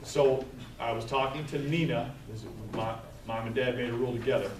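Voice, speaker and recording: A man's voice: medium pitch, steady tone, brisk. A man leading a live staff training session, talking conversationally, telling stories and checking in with "right?" as he goes. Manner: conversational, storytelling, tags points with "right?". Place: training room with tables. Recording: echoey room, mic far off, faint noise.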